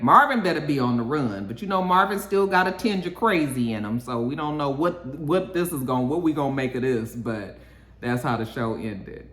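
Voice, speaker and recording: A TV show reviewer chatting casually through an episode recap while cooking at home, animated, with frequent "okay"s. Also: mid-range voice, normal speed. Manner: animated storytelling, tag-on okays. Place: home kitchen. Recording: echoey room.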